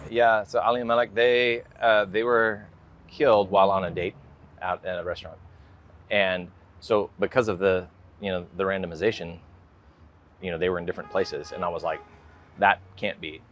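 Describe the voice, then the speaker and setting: A man's voice: sits low, little pitch movement, normal speed, a little hiss or hum. An American man in an interview, talking casually and rambling with lots of filler words. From United States. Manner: rambling, full of "like" and "you know" fillers. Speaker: guest artist.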